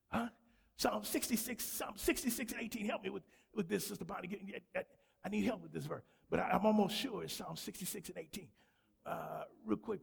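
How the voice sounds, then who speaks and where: A man preaching a sermon to a church congregation, fervent and repetitive, often breaking into shouts. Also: high voice, gravelly, husky. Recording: long hall reverb.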